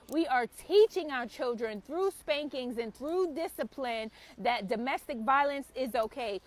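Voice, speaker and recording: A woman with a fairly high voice delivers a fervent spiritual message. She is preachy and emphatic, swears freely and presses her point with rhetorical questions. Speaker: spiritual content creator and mother. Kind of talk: impassioned spiritual message to camera.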